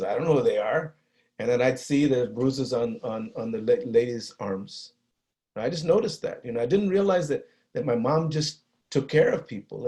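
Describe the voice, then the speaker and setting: A middle-aged man with a Chicano East Los Angeles accent, telling a personal story in a talk, earnest and halting, with many restarts and Spanish phrases. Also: medium pitch, warm tone. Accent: Chicano English from East Los Angeles. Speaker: guest speaker on violence prevention.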